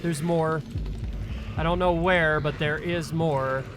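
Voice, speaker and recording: A man's voice: a little high, fairly even intonation, slow pace, over music. A man commenting as he plays a horror game, jumpy, swearing and yelping at the scares. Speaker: let's play gamer. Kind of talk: live gameplay commentary. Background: loud game soundtrack.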